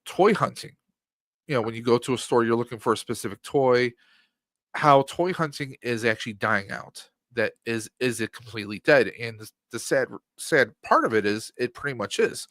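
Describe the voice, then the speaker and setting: A man's voice: medium pitch, moderate pace, fairly bright tone, no room sound. Rambling man in his forties. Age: 40s. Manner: rambling, lots of fillers like um and you know. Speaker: podcast guest. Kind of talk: casual podcast chat.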